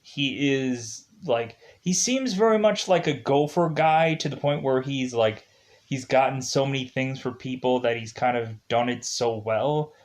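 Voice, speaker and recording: A man talks through a film review in a loose, chatty way. He circles back on himself, leans on filler words, and jumps his pitch up when something excites him. His voice sits at an ordinary middle height for a man. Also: unhurried. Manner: rambling, filler-heavy, animated. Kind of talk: casual spoken movie review.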